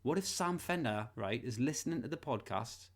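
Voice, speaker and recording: A man co-hosting a podcast at an ordinary middle pitch. He rambles through crude casual banter, swearing freely and breaking into laughter. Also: expressive, normal speed. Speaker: podcast co-host.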